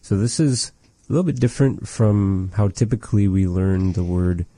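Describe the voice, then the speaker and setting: Low mellow guy teaching a language, slow and patient, repeats stuff, cracks jokes. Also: no echo. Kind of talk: casual language lesson.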